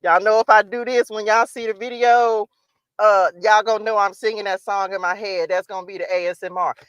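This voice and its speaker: A woman tarot reader hosting a casual livestream, animated and chatty, often laughing as she talks to her viewers. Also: mid-range voice, brisk, smooth, no echo.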